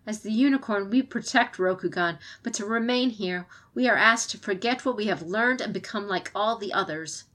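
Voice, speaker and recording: A woman voicing a fierce, defiant female samurai advisor, speaking with forceful, impassioned pleading in an audiobook. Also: mid-range voice, moderate pace, few pauses, natural voice.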